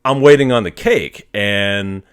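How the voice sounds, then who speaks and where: A man's voice: lowish voice, unhurried, smooth. A man hosting a podcast, casually telling a long personal story with swearing and chuckles. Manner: animated, profane, chuckling storyteller. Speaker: podcast host.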